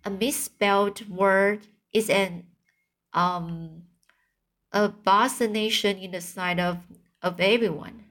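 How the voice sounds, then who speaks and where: A woman voicing a tiny, bossy male mouse schoolteacher in a storybook reading, brisk and dismissive, now and then stumbling over long words. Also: mid-range voice, fairly even intonation, a bit bright.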